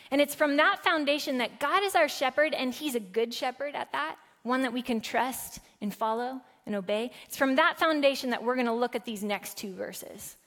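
High-voiced woman preaching in echoey sanctuary. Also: moderate pace, hardly any pauses. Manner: warm conversational preaching with playful asides. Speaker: pastor. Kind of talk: sermon. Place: church sanctuary. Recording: reverberant church sanctuary.

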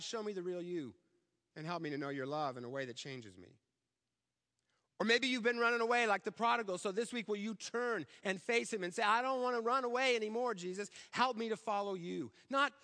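A male pastor preaching in a church, with a high, bright voice that rings through a big reverberant hall. He tells stories, going hushed and gentle on the tender lines and rising on his questions to the congregation. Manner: storytelling preacher, drops soft for tender lines, lifts for questions. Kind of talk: sermon.

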